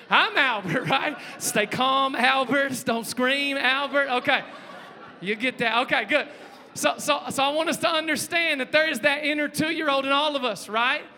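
A man, preaching a lively sermon, joking and calling out to the congregation. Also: very high voice, moderate pace. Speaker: pastor. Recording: long hall reverb.

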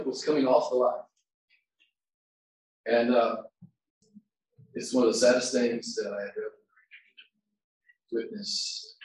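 A male pastor preaching a sermon, shifting between quiet reflection and loud shouts, recorded far from the mic in a large church hall. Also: medium pitch. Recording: very echoey hall, distant mic.

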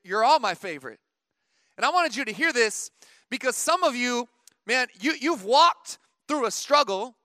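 A middle-aged male pastor preaching a sermon, his voice unusually high and bright. He talks to the congregation like a conversation, then presses his points with emphatic calls. The sound is dry and close. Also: dry recording. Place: church.

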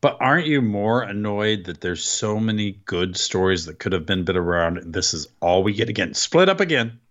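A wry, exasperated man talks wrestling with a lively, swooping pitch, sighing at the state of the storylines. His voice comes through a dull, lo-fi mic. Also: moderate pace. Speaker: podcast co-host. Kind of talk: casual wrestling chat.

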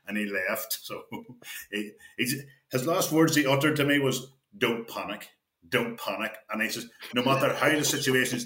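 A former county footballer from County Tyrone, Northern Ireland, is a guest in a casual chat, spinning rambling anecdotes, quoting other people and laughing often. His mid-range voice is a bit bright, and the recording has a roomy echo.

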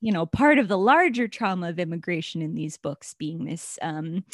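A woman writer and comedian talking as a podcast guest, in a chatty style full of fillers and quick laughs. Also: fairly low pitch, dry recording, clean studio sound. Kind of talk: casual conversational interview.

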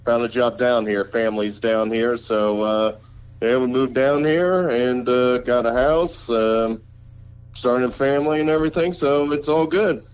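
A man's voice: mid-range voice, unhurried, clean tone. Guy from pennsylvania cohosting a podcast, rambly, lots of uhs, kinda dull lo-fi sound. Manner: rambling, hesitant with many fillers. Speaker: podcast co-host. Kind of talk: casual chat. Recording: slightly dull lo-fi audio.

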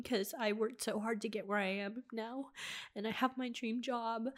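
A young woman hosting a personal podcast alone at home, talking in halting, emotional bursts with restarts and sighs. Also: a little high. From United States. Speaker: podcast host.

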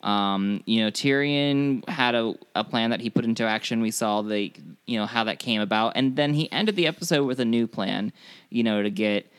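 A man's voice: medium pitch, moderate pace, clear, resonant tone. A man co-hosting a casual recap chat, steering the talk with questions for his co-host. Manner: leads with discussion questions. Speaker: podcast co-host.

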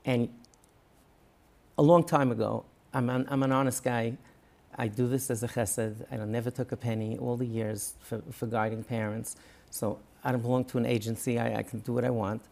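In a conversational interview, a rabbi guest gets earnest and animated, often quoting parents and coaches as if playing their parts. He has a gravelly, mid-range voice and talks at a normal pace.

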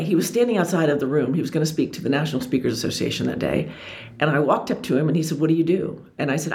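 A woman motivational speaker telling her own story, acting out both sides of the dialogue. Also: deep voice. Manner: lively storytelling, acts out dialogue. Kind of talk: personal story talk.

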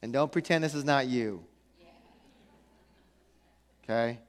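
A male pastor preaching a sermon in church, animated and conversational, with joking asides. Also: medium pitch, slow pace, smooth. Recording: echoey church hall.

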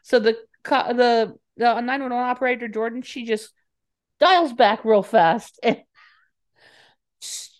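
Giggly young woman retelling a movie. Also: on the high side. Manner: giggly, acts out lines in quick voices. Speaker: podcast co-host. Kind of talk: casual chat, retelling a movie plot.

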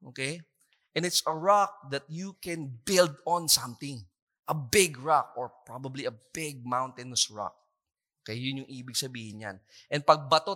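A man's voice: mid-range voice, pushed and bright. A man with a Filipino accent preaching a sermon, mixing English and Tagalog, stretching out scripture quotes for emphasis and asking the congregation to respond. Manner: slows down for emphasis when quoting scripture. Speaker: pastor.

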